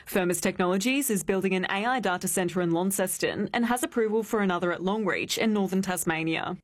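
A woman reading a news report in a steady, clear way. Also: medium pitch, a little fast.

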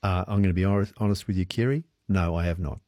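A man's voice: low-pitched, steady tone, fast, dark tone, no echo, clean studio sound. A man hosting a radio interview, asking curious, rambling questions with a wry touch. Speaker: radio host.

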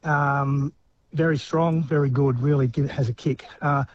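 A man with an Australian accent calling a radio show, talking haltingly with restarts and stammers. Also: medium pitch, steady tone. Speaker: radio caller. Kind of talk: phone-in chat. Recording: dull phone line with faint background hum.

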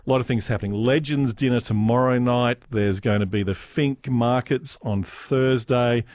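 A man's voice: mid-range voice, normal speed, darkish tone, no echo, clean studio sound. A man hosting a radio interview, chatty and teasing with his guest. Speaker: radio host.

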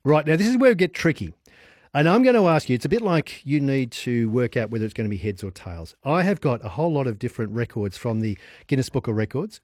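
A man's voice: mid-range voice, darkish tone, no room sound, studio quality. A man hosting a radio phone-in quiz, chatty and upbeat, laughing easily with callers. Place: radio studio.

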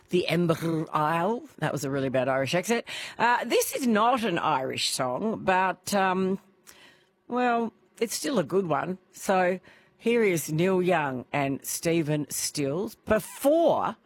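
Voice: medium pitch, dry recording. An Australian radio host in upbeat live chat, talking into a studio microphone with frequent fillers.

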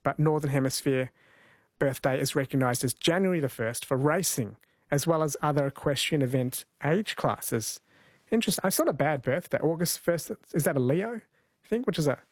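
A chatty radio host, a man from New Zealand, talks with a fairly high voice while he fields calls and reads messages aloud. The studio sound is close and dry, with no room around him. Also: no room sound. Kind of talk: casual live radio chat.

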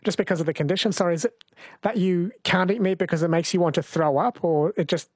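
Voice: medium pitch, fast talker, darkish tone, no room sound. A host in a casual conversation, asking curious follow-up questions. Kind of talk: casual radio-style conversation.

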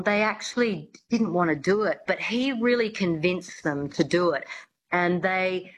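A woman's voice: mid-range voice, fairly bright tone, poor audio. A woman accent coach explaining her work in a radio interview, chatty and full of fillers.

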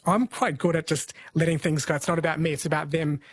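A man hosting a conversational interview, speaking in a calm, reflective way. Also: a little high, fast, dry recording. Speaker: host.

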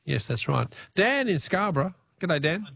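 A man with an Australian accent hosting a talkback radio quiz, chatty and quick with asides, laughing easily with callers. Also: high voice, sing-song, gravelly, a bit bright, breathy edge, no room sound.

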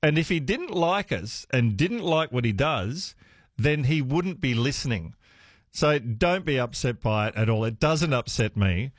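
A man hosts talkback radio from a dry studio booth. His voice moves a lot in pitch as he laughs and reassures callers warmly. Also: expressive, measured pace, dry recording. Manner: warm, laughing often, reassuring. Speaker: radio host. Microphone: studio microphone.

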